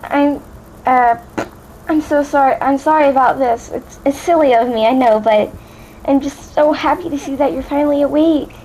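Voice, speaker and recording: A woman's voice: high-pitched, normal speed, darkish tone, a little hiss or hum, natural voice, poor audio. A woman voicing an earnest, caring young female unicorn pony with a raised, eager voice. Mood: tearful.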